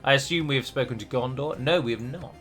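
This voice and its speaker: A man's voice: medium pitch, quick pace, fairly bright tone, soft background music. A man hosting a strategy game let's play, chatty and rambling, with restarts and the odd dramatic flourish. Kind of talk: game commentary.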